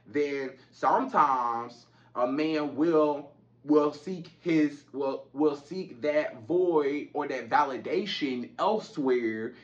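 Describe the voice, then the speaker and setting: A man's voice: mid-range voice, muffled recording. A man giving relationship advice straight to women in an informal, repetitive way, often saying "you know". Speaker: relationship coach. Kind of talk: direct-to-camera advice talk.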